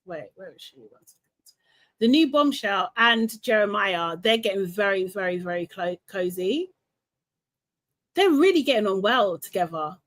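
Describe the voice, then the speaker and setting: A young woman hosting a live recap stream, talking in an animated, ranting way with quick laughs and repeated words. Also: medium pitch. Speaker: host of a live reality TV recap show. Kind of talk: casual live-stream chat.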